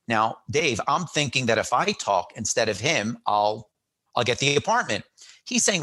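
A middle-aged man, the guest in a casual interview chat, spins a story at a moderate pace. His bright, forward voice swings lively in pitch as he acts out quoted lines and keeps restarting his sentences.

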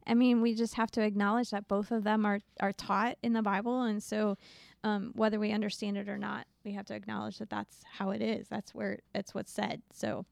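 Female co-host, agreeable and affirming, slightly gravelly voice. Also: mid-range voice, level tone, brisk, dry recording. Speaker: podcast co-host. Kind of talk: casual Bible-study chat.

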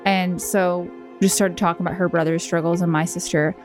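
A woman's voice: fairly low pitch, flat delivery, brisk, over music. A woman in her thirties, co-hosting a podcast, telling a personal story in a casual way, with lots of "like" and "you know". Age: 30s. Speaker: podcast co-host.

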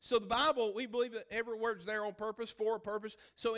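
A man's voice: high-pitched, fairly even intonation, a little fast, hardly any pauses, fairly bright tone. A man preaching a sermon as pastor. He speaks emphatically, repeats his phrases and asks the congregation questions.

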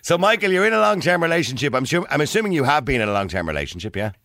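A middle-aged man hosting a radio talk show, blunt and animated, often talking over the others. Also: on the high side, very fast, creaky, noisy background. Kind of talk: lively radio studio debate.

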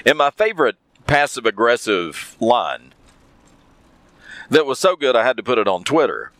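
A man's voice: mid-range voice, very animated, normal speed, fairly bright tone, dry recording. A man telling a story in a casual monologue, repeating phrases for emphasis.

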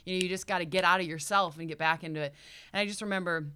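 A young woman, a guest on an interview, telling a story with lively, expressive delivery and acted-out quotes. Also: on the low side, racing, clean tone. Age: young adult. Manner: expressive, acts out quotes with big jumps in loudness. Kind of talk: animated storytelling.

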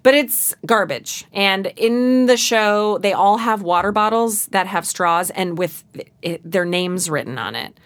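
A woman's voice: mid-range voice, expressive, a little slow. A woman guest in casual conversation who tells chatty stories dramatically, acting out quotes. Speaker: guest, singer. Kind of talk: casual chat.

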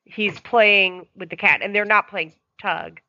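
A woman's voice: medium pitch, fairly even intonation, a little slow, bright, forceful tone, no echo. A woman dog owner calling in and explaining her dog's problems at length in casual chat. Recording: dry, dull lo-fi sound.

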